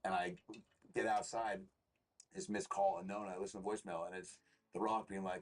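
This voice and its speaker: Man, comedian guest, slightly low voice, rambling, profane, animated storytelling. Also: fairly quick. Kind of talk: casual interview storytelling.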